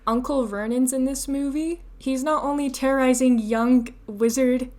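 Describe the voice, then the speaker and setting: A woman's voice: high voice, steady tone, moderate pace, a little mellow. A young adult woman co-hosting a podcast, rambling in casual chat with many fillers and laughs. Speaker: podcast co-host.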